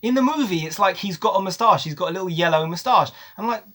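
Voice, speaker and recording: A man's voice: high voice, lively intonation, fast, a bit bright. A man giving a casual, opinionated film review, emphatic and ranting, repeating words for stress. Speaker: movie reviewer.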